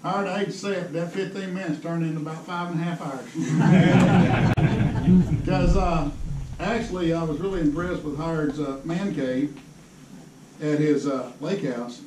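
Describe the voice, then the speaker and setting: A man's fairly high, slightly mellow voice keeps a moderate pace and fairly even intonation as he entertains a crowd with rambling, folksy stories, laughing often. He's a fishing pro giving a seminar in an indoor tackle show hall, heard through a distant mic with echo and crowd noise.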